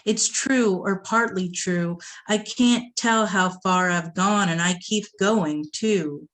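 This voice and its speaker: A woman from the Boston area reading her poems aloud at a poetry event, with a measured delivery and short asides to the audience. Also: mid-range voice, fairly bright tone. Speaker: poet reading her work.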